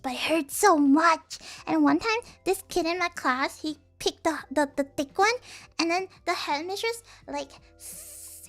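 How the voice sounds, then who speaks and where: A young woman streaming casually, rambling and giggling, acting out the people she quotes. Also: extremely high pitch. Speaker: vtuber streamer.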